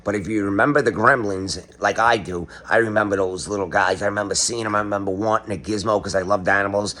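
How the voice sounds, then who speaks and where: A man's voice: on the low side, fairly even intonation, quick pace, pushed and bright. A middle-aged man giving a sarcastic, ranting comedic monologue, now and then breaking into sung or quoted lines. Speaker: online commentator. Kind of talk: casual comedic monologue to camera.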